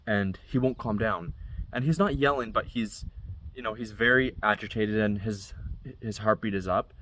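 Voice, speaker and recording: A man's voice: on the low side, moderate pace, fairly bright tone, slight background noise. A young man casually telling a story from his own life, step by step, in a conversational way. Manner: conversational, recounting events step by step. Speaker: vlogger.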